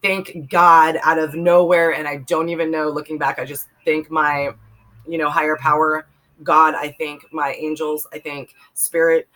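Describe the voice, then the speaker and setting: A low-pitched, slightly bright female voice comes through a rough recording, level in tone and measured in pace. The speaker, a Bay Area vlogger in her forties, recounts a personal testimony in a rambling, emphatic way packed with fillers.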